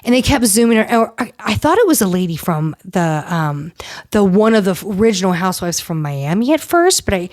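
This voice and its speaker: A woman's voice: medium pitch, big pitch swings, normal speed, darkish tone. A woman hosting a podcast, chatting casually and gossipily with many fillers and restarts. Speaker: podcast host. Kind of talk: casual recap chat.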